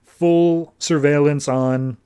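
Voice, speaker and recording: A man's voice: fairly high pitch, fairly even intonation, slow pace, dark tone, clean tone. Breezy man recapping comics. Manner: breezy, filler-laden retelling. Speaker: podcast host. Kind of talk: casual comic book recap.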